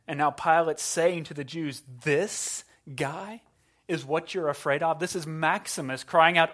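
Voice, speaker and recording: A middle-aged man who is a pastor preaching a sermon, dramatic, swinging between loud emphasis and hushed, slow passages. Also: a little high, fairly even intonation.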